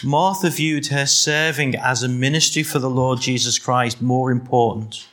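Preaching to his congregation, this middle-aged Scouser speaks at a moderate pace with a steady, medium-pitched, somewhat bright tone. He peppers them with rhetorical questions and playful digs, and a faint hiss or hum sits under the recording.

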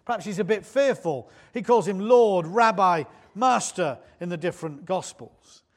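A man's voice: high voice, animated, moderate pace. A man preaching a sermon in church, conversational and often putting questions to the congregation.

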